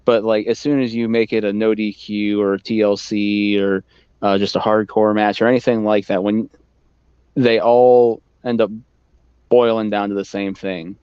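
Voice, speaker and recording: Smooth low-voiced man, dry close sound. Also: flat delivery, normal speed, darkish tone, dry recording, highs cut off. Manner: laid-back, swears casually, uses filler words. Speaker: podcast co-host. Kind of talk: casual chat.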